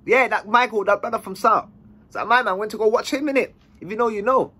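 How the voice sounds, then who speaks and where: A man's voice: high-pitched, brisk, husky. A man telling a story in a casual, slang-heavy way. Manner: animated, slang-heavy, acts out dialogue.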